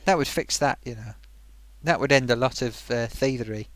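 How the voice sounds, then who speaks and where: A man's voice: mid-range voice, normal speed, a bit bright, no echo. A man hosting a live stream, chatting casually and rambling, laughing often. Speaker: livestream host.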